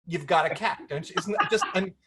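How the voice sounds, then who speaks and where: A woman's voice: on the low side, fairly quick, a bit bright, slight background noise. Playful rambling woman on a video call. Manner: playful, rambling, self-interrupting. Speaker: author being interviewed. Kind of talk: casual video-call conversation. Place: home, virtual event.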